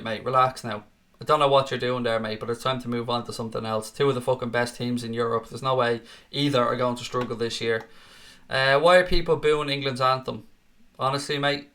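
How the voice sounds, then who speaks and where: A man's voice: mid-range voice, sharp tone. A young man hosting a live football watchalong, chatting casually and matily as he reads out viewer comments. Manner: chatty and matey, often calls viewers "mate". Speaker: fan watchalong host.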